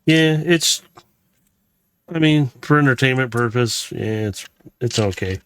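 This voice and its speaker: A man from Missouri, USA, rambles casually as he narrates building a Lego set for his channel, full of fillers and self-corrections. His medium-pitched voice is smooth and a bit bright, and he speaks unhurriedly with frequent pauses.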